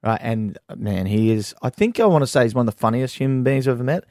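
A man's voice: medium pitch, expressive, fast, a little mellow, no echo, clean studio sound. An Australian man, a musician guest, telling rambling stories and laughing often. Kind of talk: casual storytelling interview. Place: radio studio.

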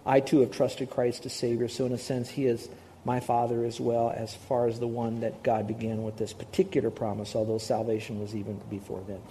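A man's voice: mid-range voice, level tone, brisk, warm tone, a little hiss or hum. A man preaching a sermon as a pastor, conversational, repeating key words for emphasis. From Hawaii.

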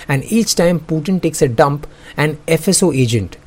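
A man's voice: on the high side, lively intonation, measured pace, a little mellow. A young man, hosting comedic news commentary in a sarcastic, joking way and laughing often. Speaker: host.

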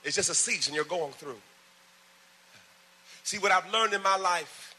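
A man with a high, very bright and forceful voice preaches to his church. He pulls the congregation into call-and-response, climbs to loud, fervent emphasis, then drops back into easy storytelling asides. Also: a little slow, long pauses, slightly rough. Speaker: pastor.

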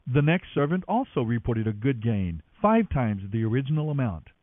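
Expressive male scripture reader, phone-thin. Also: mid-range voice, normal speed, dry recording. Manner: expressive, voices each speaker. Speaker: Bible reader. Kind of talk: dramatic scripture reading. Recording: dry, tinny phone-like sound.

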